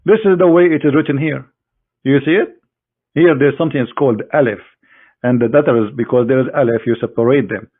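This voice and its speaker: A man giving a combative screen-share lecture in mocking, halting English as an online debater. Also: mid-range voice. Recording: tinny phone-like online audio.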